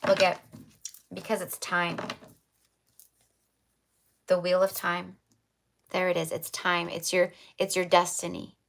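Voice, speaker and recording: Chatty woman tarot reader, low-pitched. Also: flat delivery, takes it slowly, creaky, long pauses, a bit bright. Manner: repetitive, affirming, spiritual phrasing; chatty with fillers. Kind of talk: livestreamed tarot reading.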